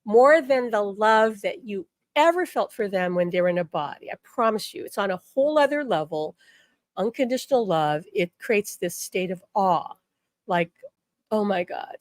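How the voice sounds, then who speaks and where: A woman's voice: medium pitch, dry recording, studio quality. A middle-aged woman giving an earnest, emphatic teaching talk as a spiritual teacher, leaning into key words. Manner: earnest and emphatic, acting out quoted voices. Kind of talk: direct-to-camera teaching talk.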